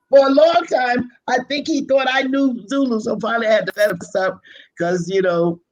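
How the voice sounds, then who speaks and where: An older woman with a Brooklyn accent, chatting as an interview guest, self-deprecating and quick to laugh. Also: a little high, fairly even intonation, a little mellow, dull audio. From Brooklyn, United States. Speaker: pastor and biblical scholar, guest. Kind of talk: casual conversational interview.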